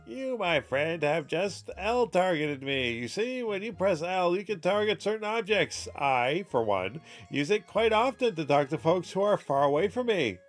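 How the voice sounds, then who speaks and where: A man's voice: high voice, sing-song, unhurried, few pauses, soft background music. A man voicing a fussy, pompous old male scholar who lectures at length. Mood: lecturing.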